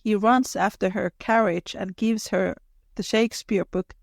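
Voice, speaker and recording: A woman's voice: medium pitch, fairly even intonation, unhurried, gravelly, no echo, studio quality. A woman co-hosting a podcast, thoughtfully adding details from the book in casual chat. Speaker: podcast co-host.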